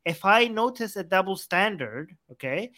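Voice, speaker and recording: A man with a high, bright, keen voice hosts a heated debate. He cuts in often and presses his point insistently, talking over the other side. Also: animated, normal speed. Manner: insistent, interrupting, argumentative; mocks his opponent's words in a put-on voice. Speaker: debate show host.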